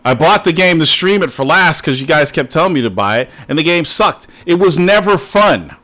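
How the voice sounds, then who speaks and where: A man's voice: on the high side, lively intonation, moderate pace, sharp tone. A man hosting a casual podcast, arguing bluntly and swearing often. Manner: blunt, profane, argumentative. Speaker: podcast host.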